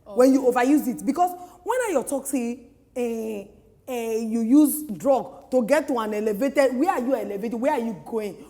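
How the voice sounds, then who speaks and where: A Nigerian woman speaks on a talk panel, firing off teasing questions in casual chat. Her voice sits a bit high, and a long reverb hangs in the room. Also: moderate pace, dark tone.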